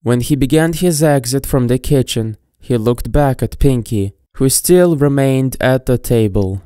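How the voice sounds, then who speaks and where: A woman narrating a storybook with a steady, even-paced reading. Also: rumbling low, a little slow, no room sound, clean studio sound. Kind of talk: storybook narration of fan fiction. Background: faint background music.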